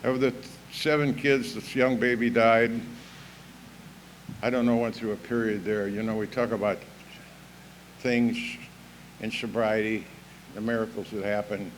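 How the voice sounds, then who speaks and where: A man's voice: lowish voice, fairly even intonation, measured pace, long pauses, slight background noise, poor audio. Older man sharing his story. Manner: folksy, earthy storytelling with "man" and "you know". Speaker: recovery meeting speaker. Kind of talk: personal recovery talk, storytelling. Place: evening recovery meeting hall, live audience.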